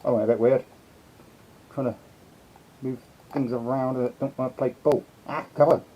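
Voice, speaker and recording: A man's voice: mid-range voice, steady tone, normal speed. A man hosting a casual live stream, chatting and greeting his viewers one by one. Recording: slightly dull lo-fi sound.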